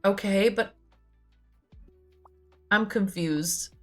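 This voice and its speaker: A young woman streaming a game, chatting playfully and asking quick surprised questions as she reads along. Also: medium pitch, fairly bright tone, faint music behind. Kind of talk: casual game commentary and reading dialogue aloud.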